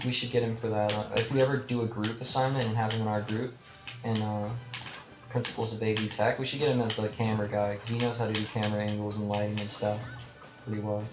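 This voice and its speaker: Rambling male gamer streaming live. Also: on the low side. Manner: rambling, self-deprecating, chatting with viewers. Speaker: gaming livestreamer. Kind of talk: casual live commentary while gaming. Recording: roomy echo with game music behind.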